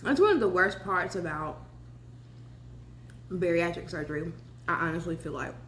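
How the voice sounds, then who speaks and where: A woman's voice: fairly low pitch, animated, moderate pace, a bit bright. Young Southern woman, casual mukbang vlogger, talks through bites, echoey kitchen room with faint hum. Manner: chatty, talks with mouth full. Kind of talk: casual mukbang chat while eating. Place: home kitchen.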